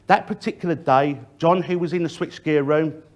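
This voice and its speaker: Middle-aged man, safety speaker, talks straight to the room with varied emphasis, slightly raised pitch. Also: normal speed. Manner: direct, addresses the audience, varies emphasis. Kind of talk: public talk to an audience.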